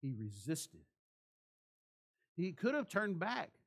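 A man's voice: on the high side, huge pitch swings, slow, slightly rough. A man preaching a sermon in church, asking the congregation rhetorical questions. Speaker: pastor.

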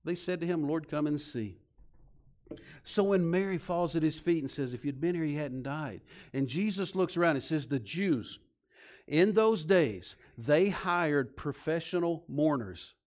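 A man preaching a sermon, swinging from loud, emphatic points to soft, low passages. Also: lively intonation, a little slow. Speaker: pastor.

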